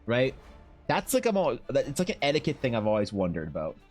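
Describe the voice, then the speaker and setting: A man streaming while he draws, telling a story in a loose, animated way. He swears, laughs and restarts often. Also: medium pitch, fast, faint music behind. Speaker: streamer and artist.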